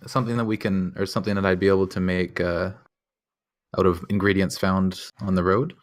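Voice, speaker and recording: A man's voice: deep voice, level tone, a little fast. A man casually playing a tabletop game character, a bit hesitant. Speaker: player.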